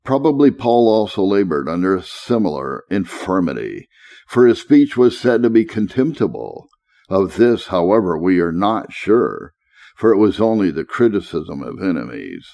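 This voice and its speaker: A man giving a measured scripted reading of a classic lecture on preaching, slowing deliberately to stress key phrases. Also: low voice, sing-song, vocal fry, warm tone.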